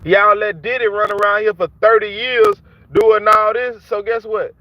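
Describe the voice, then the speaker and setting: With a flat delivery at normal speed, a high-pitched vlogger rants to camera at rappers, mocking and taunting the people he calls out in heated, repetitive street talk. The lo-fi audio is dull and dry.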